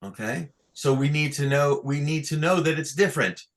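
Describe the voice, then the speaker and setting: A man teaching Torah chanting on a video call, halting with fillers and restarts, chuckling at his own jokes. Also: a little high. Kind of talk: online lesson with sung examples.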